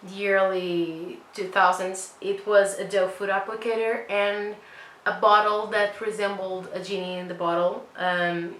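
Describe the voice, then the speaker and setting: A young woman talks through her makeup routine in a loose, chatty way, full of self-deprecating asides. Her voice is bright and forceful. The room sounds roomy, with a faint hum behind her. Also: mid-range voice, little pitch movement, measured pace. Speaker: beauty vlogger. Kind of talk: casual makeup tutorial chat.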